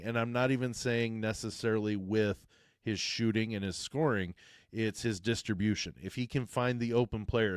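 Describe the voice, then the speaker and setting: A man co-hosting a sports podcast, talking in a loose, rambling way with lots of restarts and fillers. His voice sits in an ordinary middle pitch. The sound is dry and close, with no room around it. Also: dry recording. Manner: rambling, self-correcting, frequent uh fillers. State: hiccups. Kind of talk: casual sports chat.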